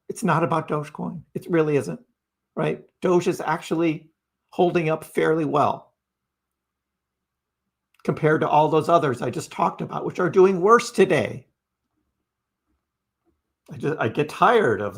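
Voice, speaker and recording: Chatty crypto livestream host, high-ish voice. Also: male voice, lively intonation, a little slow, long pauses, fairly bright tone, breathy edge. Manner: chatty, repeats phrases, peppers with "right?"; talks back to chat commenters. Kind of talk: casual livestream commentary.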